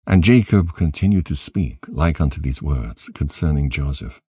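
A man narrating scripture in a solemn, measured reading with archaic wording. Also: very deep voice, lively intonation, mellow, slightly rough, no echo, studio quality.

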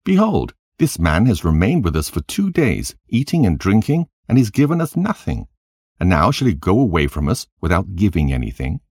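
A man's voice: low voice, wildly swooping pitch, moderate pace, darkish tone, husky, no echo, clean studio sound, voice pushed up, heavily acted. A man voicing a scolding wife who complains about an unpaying guest, in an indignant tone. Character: scolding wife of a stingy host.

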